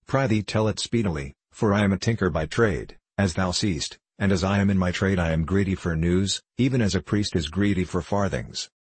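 A man reading a storybook, voicing a boastful, quick-tempered male tinker in old-fashioned archaic speech. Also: deep voice, breathy edge, no echo.

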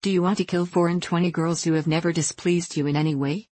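Young nymph guardians from a fairy tale, pleading for someone to turn back, as the reader puts them on. The pitch is middling and the voice is dry and close. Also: fairly even intonation, fast talker, darkish tone, dry recording, lightly acted. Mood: imploring. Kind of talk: storybook reading.

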